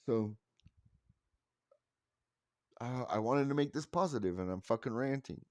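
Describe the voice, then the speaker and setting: A man's voice: medium pitch, a little slow, a little mellow, no echo, studio quality. A man in his forties telling rambling, wry stories in a casual monologue, with frequent swearing. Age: 40s. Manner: rambling, profane, wry self-mocking. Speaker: vlogger.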